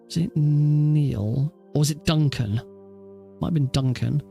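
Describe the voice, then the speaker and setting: A man chats away casually on a live stream, rambling and correcting himself as he goes. His voice sits a little higher than most men's. Faint game music plays underneath. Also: unhurried, gravelly, dark tone. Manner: rambling, self-correcting, chatty. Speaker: speedrun streamer.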